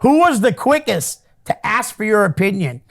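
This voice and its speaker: A man hosting a casual podcast, reading listener questions and chatting along with quick replies. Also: high voice, sing-song. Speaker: podcast host.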